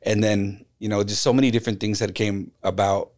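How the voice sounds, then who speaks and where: A middle-aged graffiti artist, guesting on a podcast, tells a personal story in casual conversation, acting out the voices of the people in it. He's an animated storyteller with a lowish voice, speaking fairly quickly.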